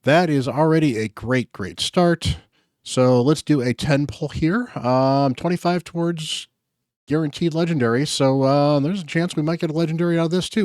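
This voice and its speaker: A slightly mellow, medium-pitched male voice narrates gacha summon pulls on his gaming channel. He's upbeat and casual, leaning on frequent fillers, and the audio is dry with clean studio quality.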